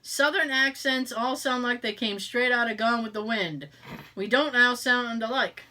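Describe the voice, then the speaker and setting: Boston woman cohosting a podcast, high bright voice, swears a lot and keeps laughing. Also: measured pace. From Boston area. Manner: profane, laughs often, mock voices in quotes. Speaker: podcast co-host. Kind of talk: casual chat.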